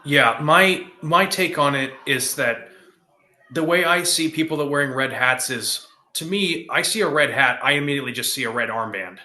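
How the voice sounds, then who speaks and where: Blunt, bright-voiced young man. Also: mid-range voice, moderate pace. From California. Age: young adult. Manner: blunt and profane, with stammered restarts. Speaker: podcast guest. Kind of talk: casual chat.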